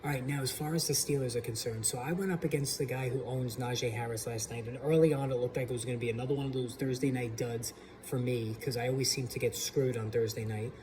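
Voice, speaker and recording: A man's voice: medium pitch, fairly even intonation, quick pace, hardly any pauses, crowd noise. A man hosting his own channel, giving casual opinionated fantasy football commentary alone at his computer, with plenty of restarts. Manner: opinionated, frequent restarts and fillers. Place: home computer setup.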